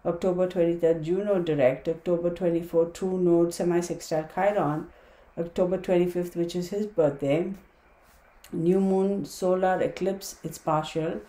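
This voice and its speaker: A woman's voice: fairly low pitch, steady tone, normal speed, mellow, reverberant. Chatty woman reading astrology dates. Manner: chatty, reads dates aloud, addresses viewers as y'all. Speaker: tarot reader. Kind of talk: casual astrology talk to viewers.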